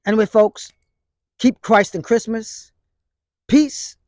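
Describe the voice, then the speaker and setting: His voice sits high and a little mellow, and he speaks slowly: a martial arts instructor in his fifties with a New York accent, preaching bluntly in street slang while outside in the snow. Someone else holds the phone for this casual monologue, and the recording is dry and clean like a studio.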